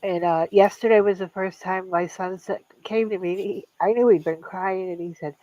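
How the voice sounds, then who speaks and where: Older woman, halting and grieving. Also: lowish voice, fairly even intonation, dark tone, no echo, highs cut off. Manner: halting, grieving, many restarts. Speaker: guest. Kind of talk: casual chat.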